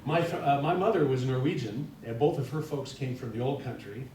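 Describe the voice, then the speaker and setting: Chatty man speaking in an echoey church. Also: a little fast. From North Dakota. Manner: chatty, self-deprecating, many fillers and restarts. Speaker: guest speaker. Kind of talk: informal sermon talk. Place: church sanctuary. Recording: echoey church hall, distant mic, faint rumble.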